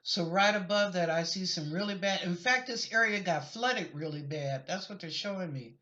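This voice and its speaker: A woman's voice: fairly low pitch, normal speed, bright, forceful tone. Chatty psychic woman, lo-fi recording. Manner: chatty, rambling, apologetic asides. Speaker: psychic reader answering viewer questions. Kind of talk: casual spoken reading of questions. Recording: lo-fi dull recording.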